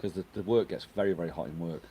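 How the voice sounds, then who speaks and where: A man's voice: sits low, quick pace, mellow, a little hiss or hum. A middle-aged man hosting a casual live stream at home, chatting and reading out viewer comments.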